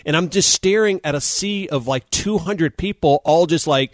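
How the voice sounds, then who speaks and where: Male sports talk co-host, animated storyteller, video call, dry close sound. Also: fairly high pitch, normal speed, few pauses, no room sound. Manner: animated storyteller, acts out quotes. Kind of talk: casual storytelling chat.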